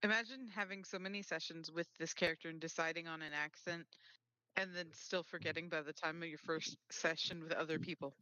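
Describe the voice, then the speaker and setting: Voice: mid-range voice, steady tone, a little fast, sharp tone, clean tone, dry recording, dull audio. A player in a tabletop game, teasing the others. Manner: teasing banter.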